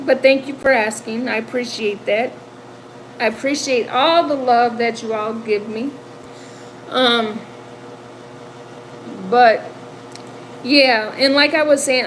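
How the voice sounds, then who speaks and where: A woman's voice: fairly high pitch, a bit bright, slight background noise, poor audio. A woman in her fifties from the American Midwest, chatting with viewers on her livestream; emotional and chatty, laughing often and repeating words. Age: 50s. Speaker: livestream host. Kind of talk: casual livestream chat with viewers.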